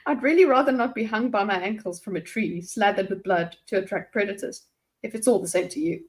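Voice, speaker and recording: A woman's voice: mid-range voice, fairly quick, natural voice. A woman reading a chatty, pleading captive. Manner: talkative, pleading. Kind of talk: amateur read-aloud of a fantasy story.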